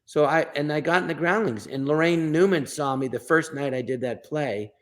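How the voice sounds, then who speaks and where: A man, a guest comedian, telling anecdotes and acting out the people in them with animated bursts. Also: a little high, moderate pace. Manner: acts out quoted voices in animated bursts. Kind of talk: storytelling anecdotes.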